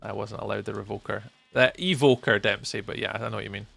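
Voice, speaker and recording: A man's voice: on the low side, fairly even intonation, fast talker, vocal fry, fairly bright tone, soft background music. A Scottish man live-streaming a game, chatting with viewers and muttering to himself as he plays. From Scotland. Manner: chatty, answers chat readers by name, mutters to himself while playing. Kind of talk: live-stream chat while gaming.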